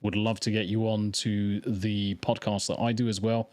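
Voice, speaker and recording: A man's voice: on the low side, little pitch movement, moderate pace, darkish tone, no echo. A man from England with a mixed English accent, a guest chatting casually on a podcast and telling stories animatedly.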